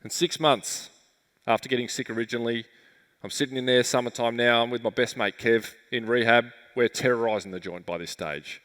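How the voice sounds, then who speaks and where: Australian man, keynote storyteller, vivid and emotional, mid-pitched voice, long hall reverb. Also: steady tone, a little fast, a bit bright. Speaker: keynote speaker. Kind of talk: storytelling talk on stage. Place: large conference hall.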